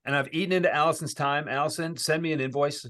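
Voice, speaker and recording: A man's voice: on the high side, fairly even intonation, fast, a bit bright, slight background noise. A man who is a guest sales speaker on a video call, talking in a casual, reflective coaching way with repeated phrases.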